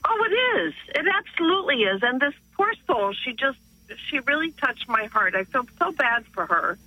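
A woman calling in to a radio show by phone, animated as she tells a personal story. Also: sits high, moderate pace, slightly rough, dry recording, low-quality recording. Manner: animated, quotes others, laughs as she tells it. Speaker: caller. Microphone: phone call.

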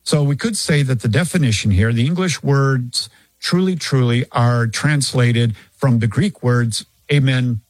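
A man's voice: medium pitch, a little slow, no room sound, rough recording. A man, a scripture teacher, answering a Bible question in an explanatory way and acting out short examples.

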